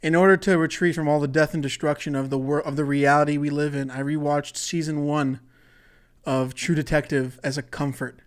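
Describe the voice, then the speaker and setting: A man's voice: a little high, steady tone, fairly quick, clean tone. A man hosting a solo comedy podcast, rambling and profane, often cutting himself off mid-thought. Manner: rambling, profane, self-interrupting. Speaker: podcast host.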